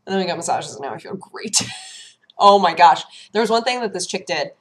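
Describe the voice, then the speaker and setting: A woman vlog host chatting casually and telling lively stories, acting out her own reactions in hushed voices. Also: on the low side, a little fast. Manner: animated storytelling, acts out her own quotes in hushed voices. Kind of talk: casual chat.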